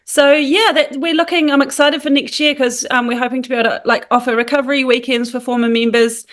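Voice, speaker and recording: Nz woman on a podcast, high voice, chatty, lots of ums. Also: quick pace. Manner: chatty, animated, many fillers. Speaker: guest, founder of a support group. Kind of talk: casual podcast conversation.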